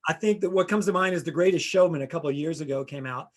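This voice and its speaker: A man's voice: a little high, fast talker. A middle-aged man hosting a podcast, chatting casually and telling rambling stories, often acting out the people he quotes. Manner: rambling storyteller, acts out quotes with voices. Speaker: podcast host. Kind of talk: casual chat.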